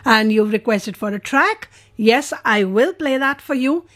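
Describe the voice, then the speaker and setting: A woman hosts a radio music show in a high, bright voice. She gushes sentimentally over listener messages and sounds openly moved by them. The chat flows in an effusive, heartfelt way. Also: animated, a little slow. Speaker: radio host.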